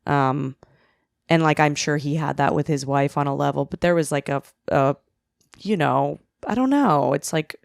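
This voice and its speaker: A woman's voice: sits low, moderate pace, vocal fry, dry recording, clean studio sound. A woman in her thirties, a comedian guest on a podcast, talking candidly and reflectively in casual conversation.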